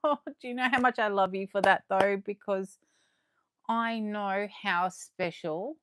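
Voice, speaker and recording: A young adult Australian woman hosting a live unboxing, chatting warmly and gushing as she reads comments aloud. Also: medium pitch, steady tone, measured pace, clear, resonant tone, no echo, studio quality. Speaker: livestream host.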